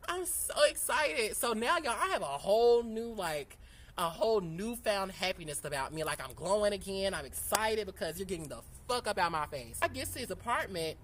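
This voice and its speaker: A woman vlogger telling a story in a casual, animated and profane way, sitting outdoors. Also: medium pitch, normal speed, a little hiss or hum. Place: outdoors in sunlight.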